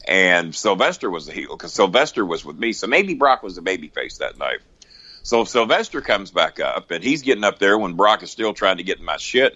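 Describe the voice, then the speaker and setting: A low-voiced man spins a profane, animated yarn as a podcast guest. His tone is bright and his pitch swings widely as he acts out both sides. The audio is dry and a little dull, like a lo-fi recording. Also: no room sound. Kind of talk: casual storytelling.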